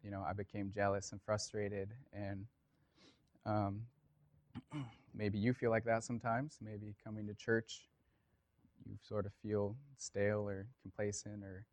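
A man's voice: lowish voice, little pitch movement, unhurried, pauses often, a little mellow, dry recording. A man preaching a casual sermon, talking conversationally with lots of fillers and telling a story.

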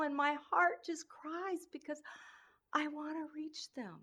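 A woman delivers an informal sermon in a slightly raised voice, earnest and deeply emotional. She talks slowly and deliberately, breaking off and restarting her phrases as she goes. Between her own words she reads from scripture. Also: fairly even intonation, a bit bright. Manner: earnest and emotional, often tearful in tone; speaks in halting phrases with many restarts. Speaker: speaker sharing a devotional message.

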